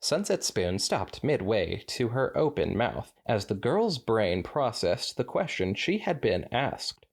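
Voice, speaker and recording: A man co-hosting a podcast, reading fan fiction aloud with relaxed chatty asides. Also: fairly low pitch, takes it slowly, gravelly, hardly any pauses, breathy edge. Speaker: podcast co-host. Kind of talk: casual chat and read-aloud.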